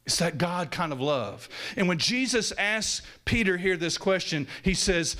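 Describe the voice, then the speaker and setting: A man preaching a sermon, swinging from loud raised peaks down to hushed, low lines. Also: animated, measured pace, hardly any pauses.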